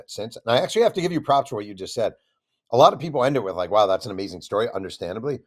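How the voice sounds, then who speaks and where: A man, an author guest on an interview show, telling a long story with lively acted-out quotes. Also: mid-range voice. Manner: animated storyteller, acts out quoted voices.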